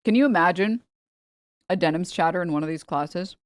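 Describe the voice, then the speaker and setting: A woman's voice: fairly low pitch, brisk, no room sound, clean studio sound. A woman streamer in casual chat, joking and teasing, laughing often.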